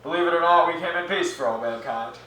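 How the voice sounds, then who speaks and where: A teen boy doing a deadpan astronaut commander. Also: on the high side, fast. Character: deadpan astronaut commander radioing mission control. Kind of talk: high school duo interpretation. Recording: echoey room, faint noise, mic far off.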